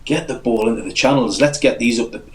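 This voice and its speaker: A man's voice: medium pitch, quick pace, rough recording. A man guesting on a football podcast, thoughtful, with a few restarts. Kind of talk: casual football chat.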